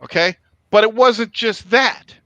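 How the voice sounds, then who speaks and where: A man hosting a podcast, telling a story in a casual, profane, animated way. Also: high voice, measured pace, no echo, lo-fi sound. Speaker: podcast host.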